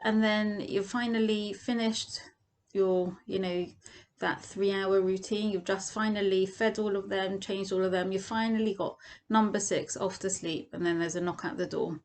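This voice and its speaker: A woman's voice: medium pitch, steady tone, moderate pace, darkish tone, a little hiss or hum. A woman teaching a Torah lesson as a vivid second-person story, acting out the quoted lines.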